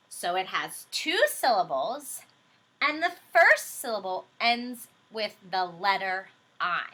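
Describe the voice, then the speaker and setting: A patient woman teacher explains phonics to young children at an unhurried pace. Her voice is bright and clear, and she moves it up and down a lot to keep little listeners with her. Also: medium pitch. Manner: slow, patient, explains step by step.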